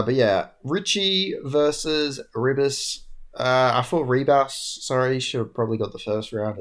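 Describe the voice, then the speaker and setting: A young man casually recapping MMA fights alone, rambling and tired, with lots of fillers and casual swearing. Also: medium pitch. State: tired, yawning. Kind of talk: casual solo recap talk.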